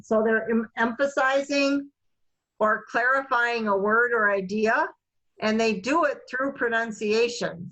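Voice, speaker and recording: A woman teaching an English class over a video call. She explains slowly and carefully, with many fillers. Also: medium pitch, fairly bright tone, low-quality recording. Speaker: ESOL teacher. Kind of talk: online class lecture.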